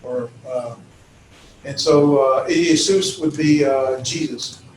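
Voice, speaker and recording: A man's voice: mid-range voice, takes it slowly, a little hiss or hum. A man teaching a classroom lecture, informal and full of fillers and self-corrections. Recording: echoey classroom from far off.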